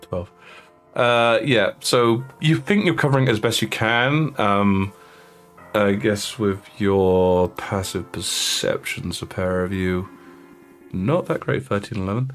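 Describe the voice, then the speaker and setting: A man's voice: on the low side, takes it slowly, soft background music. A man narrating as dungeon master, hesitant with frequent fillers. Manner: hesitant, many fillers and restarts. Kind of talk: narrating a tabletop game.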